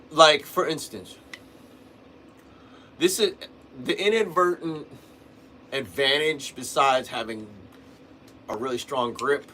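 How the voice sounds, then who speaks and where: A man with a medium-pitched, sharp-toned voice hosts a livestream, casually teaching about drumming. He rambles, restarts sentences, and tosses in "man" and "you know." Slight background noise is present.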